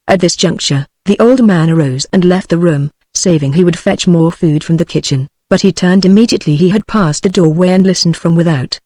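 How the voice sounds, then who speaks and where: A woman's voice: on the low side, no room sound. A synthetic woman's voice with a British accent, evenly reading an audiobook as narrator. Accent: British English. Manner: even, measured text-to-speech reading.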